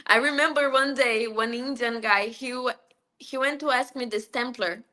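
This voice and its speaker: A woman's voice: a little high, normal speed. A woman, a guest telling stories in a casual live interview, laughing often as she talks. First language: Portuguese. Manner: laughs often, animated storytelling. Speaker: guest, former cruise ship buffet administrator.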